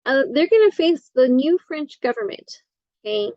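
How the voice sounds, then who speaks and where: Halting woman lecturing, dull dry sound. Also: sits high, animated, a little mellow, dry recording. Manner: halting, many fillers and self-corrections. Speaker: instructor. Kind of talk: recorded lecture.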